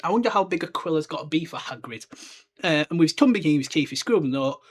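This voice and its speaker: A man's voice: a little high, animated, quick pace, breathy edge. A young man hosting a podcast, chatting casually and rambling with lots of filler words. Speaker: podcast host. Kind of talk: casual solo book discussion.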